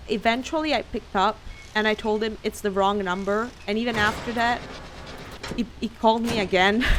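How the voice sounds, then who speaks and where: A woman's voice: mid-range voice, slight background noise. Laughing, swearing woman streamer. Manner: laughs often, swears freely, animated storytelling. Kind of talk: casual chat while playing a game.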